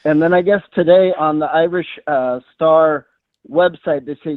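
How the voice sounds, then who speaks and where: A man's voice: on the high side, moderate pace, dry recording. A man calling in to a talk show, rambling on indignantly about the news. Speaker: caller. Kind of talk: call-in commentary. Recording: tinny phone line.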